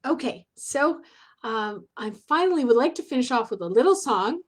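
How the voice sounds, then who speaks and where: A woman's voice: a little high, expressive, normal speed. A woman hosting a live online storytime for children, chatty and encouraging.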